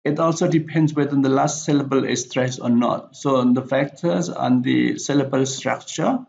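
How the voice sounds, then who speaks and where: Gravelly man giving a slide lecture. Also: mid-range voice, a little mellow. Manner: halting, with frequent fillers and self-corrections. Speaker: English teacher. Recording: dull lo-fi recording.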